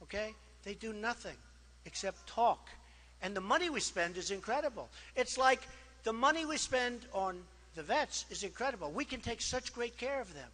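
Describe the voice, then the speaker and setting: A man giving a campaign rally speech as a political candidate. He is boastful and rambling, repeats himself, and swings between loud declarations and quiet asides. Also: high-pitched, lively intonation, moderate pace. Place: rally crowd.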